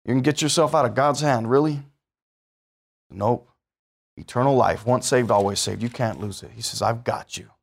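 A man's voice: medium pitch, moderate pace, creaky. A man, sounding, preaching a sermon in a conversational way that rises to emphatic bursts and puts questions to the listeners.

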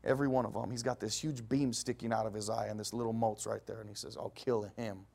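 A middle-aged man preaching a sermon, telling Bible stories with a voice that rises loud and drops to a hush. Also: quick pace, gravelly. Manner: lively storytelling preaching, swinging from loud highs to hushed lows.

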